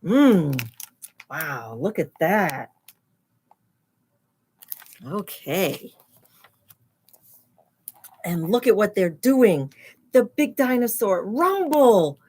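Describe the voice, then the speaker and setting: Reading a picture book aloud to children, a woman teaches animatedly, explaining words and gasping and exclaiming at the pictures. Her mid-range voice has a breathy edge, and she speaks very slowly with frequent pauses.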